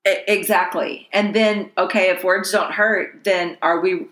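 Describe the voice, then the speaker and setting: A woman hosting a podcast in casual chat, emphatic, agreeing often and laughing loudly. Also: on the low side, steady tone, measured pace. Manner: emphatic, frequent yeahs and loud laughs. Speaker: podcast host. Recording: echoey room.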